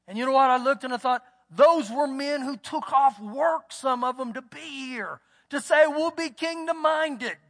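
Texan male pastor, very high pitch, folksy storyteller, preaching in a church with long reverb. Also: unhurried, few pauses, fairly bright tone. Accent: Texas. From United States. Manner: folksy storytelling, acts out quotes. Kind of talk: sermon. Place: church sanctuary.

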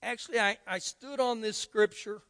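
A man's voice: high-pitched, normal speed, fairly bright tone. An older man with a Texan accent preaching a sermon as pastor, emphatic and repeating key phrases for stress. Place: church sanctuary. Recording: long church hall reverb.

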